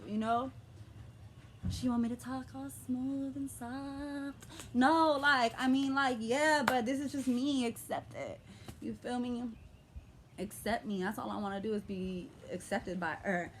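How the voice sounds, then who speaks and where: A young woman with an American urban vernacular accent vents in a vlog at home. She is passionate and blunt, with heavy profanity and an aggressive, strong delivery. Her voice sits at an ordinary middle pitch over faint background noise. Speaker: vlogger. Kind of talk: emotional vlog rant.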